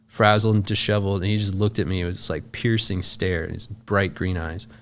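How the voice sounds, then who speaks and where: A man with a somewhat low voice recounts a story as a podcast guest. His speech is loose and casual, peppered with filler words and cursing. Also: fairly even intonation, fairly quick, a bit bright, slight background noise. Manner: loose and profane, full of "like" fillers.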